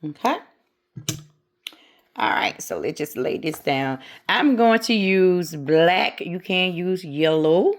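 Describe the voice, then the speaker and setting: Middle-aged woman, craft tutorial host, casual step-by-step chat, low voice, slow pace. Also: animated. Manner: chatty, talks herself through each step. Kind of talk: casual how-to narration.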